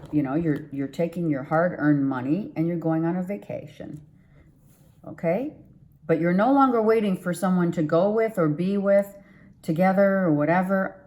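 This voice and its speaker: Low, slow-talking woman reading tarot. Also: dark tone. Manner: rambling, repeats herself, upbeat and encouraging. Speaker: tarot reader. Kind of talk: casual tarot reading to viewers.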